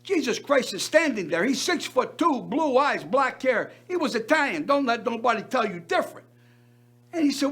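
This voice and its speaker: An older man hosting a variety show in a gushing showman's monologue. His voice sits high, and he leans on emphatic repeats. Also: lively intonation, normal speed, bright, forceful tone, slight background noise. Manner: effusive, emphatic, repeats words.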